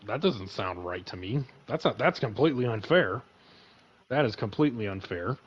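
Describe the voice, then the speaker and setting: A lower-voiced man rambles through a casual podcast chat, swearing constantly. The recording is dull and lo-fi. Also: expressive, normal speed, slightly rough.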